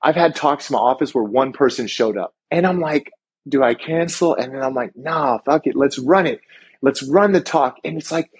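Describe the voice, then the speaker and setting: A man telling a story on a podcast, full of life and acting out every quoted line as he goes. His voice sits at a middle pitch with a husky, slightly breathy edge. He talks casually and lets the odd swear word slip. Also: expressive, moderate pace. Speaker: chiropractor and wellness coach, podcast guest.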